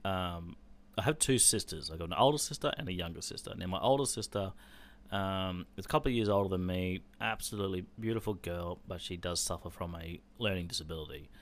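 Deep-voiced man telling a story. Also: a little fast. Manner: candid, swears freely, acts out quoted dialogue. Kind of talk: casual personal storytelling.

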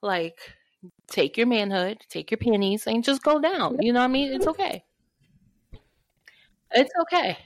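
Podcast co-host, woman, animated storyteller, dry close sound. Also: a little high, unhurried, pauses often, no room sound. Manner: animated storytelling, acts out quotes. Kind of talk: casual chat.

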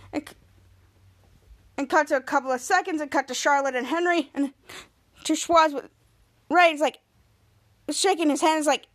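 A woman's voice: high voice, normal speed, long pauses. A woman hosting a podcast, retelling a TV episode in a rambling way with many restarts and acted-out lines. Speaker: podcast host. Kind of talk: casual episode recap.

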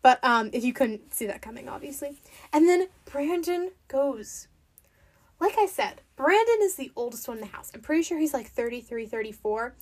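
Woman, high voice, casual TV recap, chatty, opinionated, says "like" constantly. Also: animated, moderate pace. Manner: chatty and opinionated, heavy use of "like". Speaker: reality TV recapper.

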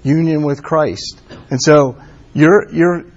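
A man preaching a casual, conversational sermon, filling his talk with "like" and "um" and pressing his points with warm emphasis. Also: on the high side, slow. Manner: conversational, many fillers like "like" and "um". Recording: dull lo-fi sound.

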